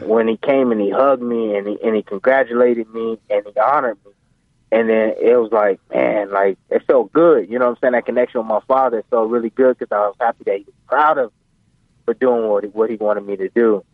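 A man's voice: mid-range voice, a little fast, dry recording. Man telling stories over a tinny phone line. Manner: animated, rambling, full of fillers. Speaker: guest, professional boxer. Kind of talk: casual storytelling interview. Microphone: phone call.

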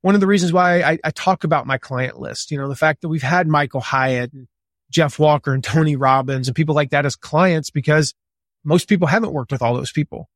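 A man in his forties, a guest on a podcast interview, talking in a gregarious, animated and slightly loud way, with lots of casual fillers. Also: on the high side, brisk, no room sound, clean studio sound. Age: 40s. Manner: conversational with many fillers. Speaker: guest author and business coach.

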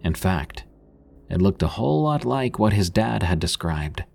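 A man narrating a scripted horror story in a husky voice, lifting his voice for the characters' lines. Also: low voice, big pitch swings, a little slow, darkish tone.

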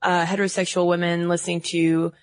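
A woman's voice: on the low side, little pitch movement, fairly quick, dry recording. A woman from the Southern United States co-hosting a podcast, explaining research in a casual chat and laughing easily. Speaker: podcast co-host.

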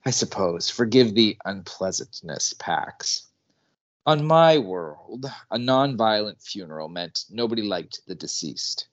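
Snooty alien scientist, dry and condescending, low voice, read by a man. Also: animated, a little slow, lo-fi sound. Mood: dismissive. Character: aloof alien male scientist, dismissive.

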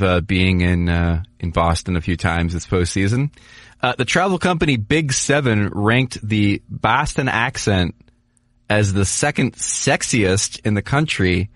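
A man from New York hosts a sports podcast in a relaxed, joking chat. He often repeats words as he restarts a thought. His voice sits fairly low and sounds close-miked in a dry booth. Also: a little slow, no echo. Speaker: podcast host.

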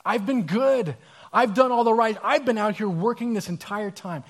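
Man acting out a bitter older brother, self-righteous, indignant, slightly high voice. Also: expressive, unhurried. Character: resentful dutiful older brother, young man.

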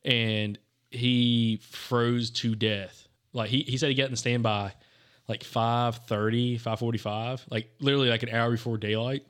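Casual male co-host, rambling storyteller who keeps saying "dude", mid-pitched voice. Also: steady tone, fairly quick, a bit bright. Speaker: podcast co-host. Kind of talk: casual hunting chat.

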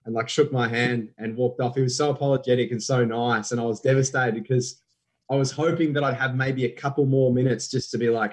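A man's voice: mid-range voice, fairly quick. Chatty man telling a story. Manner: animated, chatty, many fillers. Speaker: impressionist guest. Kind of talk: casual podcast storytelling.

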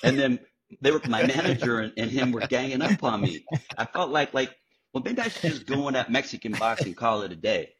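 A middle-aged man, a guest actor, telling animated, profane stories in a casual interview. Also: medium pitch, a little fast. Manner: animated, profane storyteller acting out quotes. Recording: dull lo-fi podcast audio.

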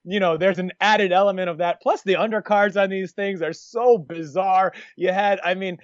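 A man's voice: high-pitched, fairly even intonation, moderate pace, no room sound, muffled recording. A man co-hosting a podcast, talking in a rambling, jokey way with lots of restarts. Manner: rambling, self-interrupting, jokey. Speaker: podcast co-host. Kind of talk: casual podcast chat.

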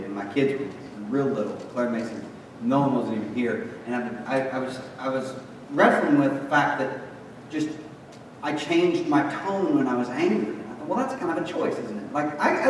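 A man's voice: mid-range voice, a little hiss or hum. A man preaching a sermon, chatty and joking, then pressing his points with emphatic lists. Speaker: pastor. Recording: echoey hall, mic far off.

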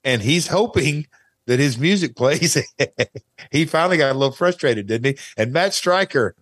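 A man talking as a podcast guest, telling stories in a casual, animated way with quick asides. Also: fairly high pitch, no echo, clean studio sound. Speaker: podcast guest, wrestling announcer. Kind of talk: casual chat, candid storytelling.

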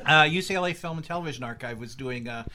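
A man in casual chat, telling an anecdote in an animated way. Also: a little high, fast talker, a little hiss or hum. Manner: animated storyteller.

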